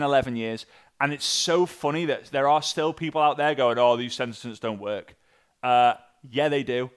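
A man coaching an online audience on sales messaging, energetic and animated, acting out sample messages. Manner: energetic, with big jumps in pitch and loudness; acts out sample messages in different voices. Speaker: sales and network marketing coach.

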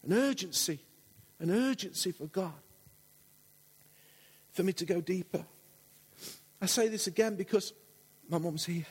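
A man's voice: high voice, a little slow, long pauses, breathy edge. A man preaching a sermon in a church, impassioned and repetitive in his delivery. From England. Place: large church hall. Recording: long church hall reverb.

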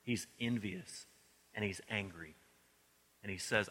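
A man preaching a sermon, telling a story expressively and shifting between soft, low passages and emphatic ones. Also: slow, poor audio. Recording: clicking noise in the background.

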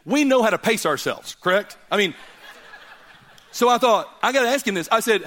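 Animated storytelling preacher, slightly high. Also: male voice, normal speed. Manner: animated, swings from loud laughing punchlines to hushed earnest reflection. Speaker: guest preacher. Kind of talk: storytelling sermon.

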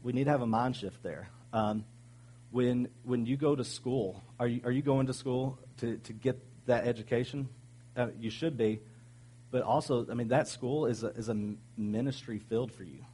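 A man's voice: medium pitch, moderate pace, warm tone, slightly rough, low-quality recording. A man preaching a sermon in an earnest, conversational way, with many ums and restarts.

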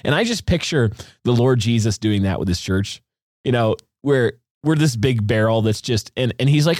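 Male podcast co-host, mid-pitched, animated and laughing, dry close recording. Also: normal speed, dry recording. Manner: animated, laughs often, uses vivid analogies. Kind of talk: casual discussion.

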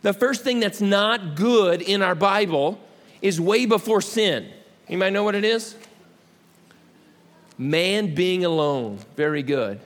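A man's voice: high voice, animated, a little slow, a bit bright. A male pastor preaching a conversational, humorous sermon and asking the audience questions. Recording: echoey hall.

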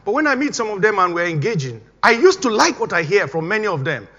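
A man's voice: sits high, very animated, quick pace, pushed and bright, highs cut off, a little hiss or hum. Middle-aged male pastor, emphatic sermon delivery, voice ringing through a long hall reverb. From Nigeria. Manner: emphatic, repeating exhortations.

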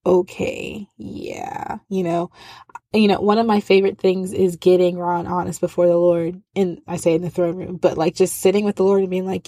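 A woman's voice: fairly low pitch, fairly even intonation, moderate pace, darkish tone, no room sound, clean studio sound. Earnest woman giving a devotional talk. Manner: earnest and conversational, with frequent fillers and restarts. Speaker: christian speaker.

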